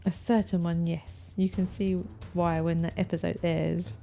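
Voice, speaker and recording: A sharp-tongued older woman contestant, read aloud by a woman in a party mystery game. She answers questions curtly and with irritation, in a low, gravelly, mellow voice. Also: level tone, measured pace, soft background music. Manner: curt, indignant.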